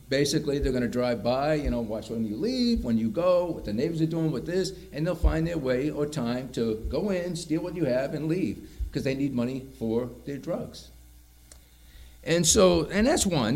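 Middle-aged male preacher, jail chaplain: measured, emphatic scripture reading, then easy conversational sermon. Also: medium pitch, darkish tone.

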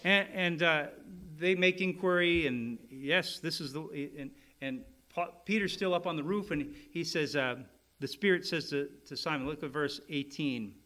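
Man preaching, quick to say "right?". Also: on the high side, sharp tone. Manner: restarts often, asks "right?" to the listeners, explains step by step. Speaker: pastor. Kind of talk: sermon.

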